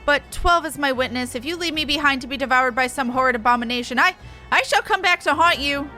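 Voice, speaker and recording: A prim, sniffy female scholar from a fantasy game, read aloud by a woman. She talks in formal, old-fashioned phrasing with a bright, fairly high voice, and faint game music plays behind. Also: fast talker. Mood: grudging. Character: haughty, prim female scholar, reluctant and fussy. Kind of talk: reading game dialogue aloud.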